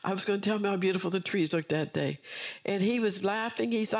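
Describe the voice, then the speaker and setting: A woman's voice: mid-range voice, quick pace. A woman preacher delivering an earnest sermon with personal testimony, repeating key phrases for emphasis.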